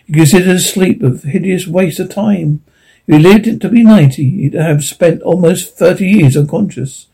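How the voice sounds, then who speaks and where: A man narrating an audiobook in a steady storytelling manner. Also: high voice, moderate pace, vocal fry, slightly rough, poor audio.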